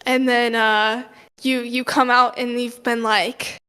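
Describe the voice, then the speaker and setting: A woman's voice: a little high, level tone, takes it slowly, bright, forceful tone, clean tone. A young woman co-hosting a podcast in casual chat, playful and teasing, often restarting her sentences. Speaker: podcast co-host.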